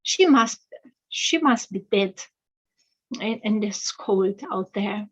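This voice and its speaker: A woman's voice: medium pitch, animated, takes it slowly, slightly rough, muffled recording. A woman playing a bossy, greedy stepmother. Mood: scheming.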